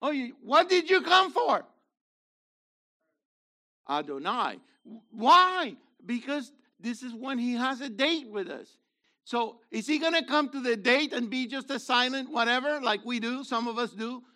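A man in his seventies with a worn, gravelly voice, preaching a fiery sermon that swings from low murmurs to shouts. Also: lively intonation, measured pace. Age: 70s. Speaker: messianic rabbi.

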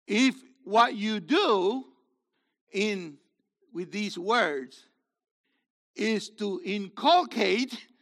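An older man, a minister and teacher, giving a sermon-style teaching talk, swinging between loud, drawn-out emphasis and quiet, fast asides. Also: sits high.

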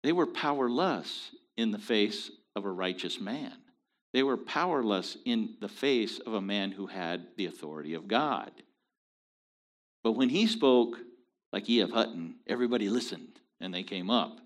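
A man leading a casual Bible study, explaining scripture in an animated, folksy, joking way. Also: lowish voice, moderate pace.

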